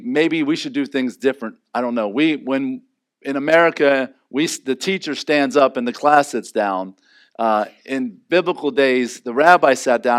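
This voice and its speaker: A man preaching a sermon as pastor, animated and acting out quoted lines in raised voices. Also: medium pitch.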